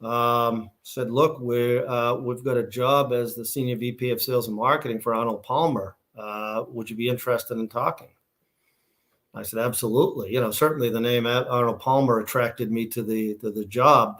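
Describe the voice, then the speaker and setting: A man's voice: medium pitch, steady tone, moderate pace, fairly bright tone. Boston man telling a rambling story. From Massachusetts, USA. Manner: rambling, many restarts and fillers. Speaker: guest, shoe company founder. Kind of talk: casual storytelling interview.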